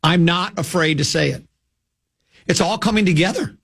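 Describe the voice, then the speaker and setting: A male sports radio host in casual banter, playful and theatrical, often slipping into quick put-on voices. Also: high voice, gravelly, fairly bright tone, breathy edge.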